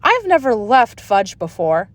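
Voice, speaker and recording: A woman's voice: fairly high pitch, big pitch swings, unhurried, dry recording. Woman doing a fretful young mom. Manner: fretful, gently coaxing. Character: anxious mother of two boys.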